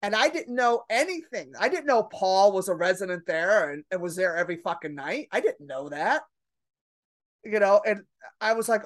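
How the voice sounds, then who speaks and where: A woman's voice: medium pitch, brisk. A woman comedian, a podcast guest, telling brash, profane stories in casual chat and acting out the other people's lines. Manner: brash, profane, animated storytelling with acted-out quotes.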